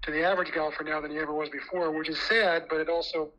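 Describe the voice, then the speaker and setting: A man's voice: a little high, little pitch movement, fast, sharp tone, dull audio, slight background noise. A man talking casually on a sports radio show as a guest columnist, rambling along with many filler phrases. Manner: rambling, heavy on "you know".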